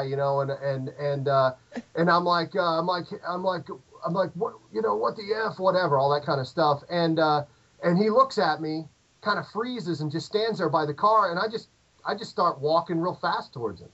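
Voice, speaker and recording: A middle-aged American man telling a long, animated anecdote in casual chat, with lots of fillers and restarts. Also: fairly high pitch, moderate pace. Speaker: podcast guest. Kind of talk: casual storytelling. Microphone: remote call audio. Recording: dull lo-fi call audio.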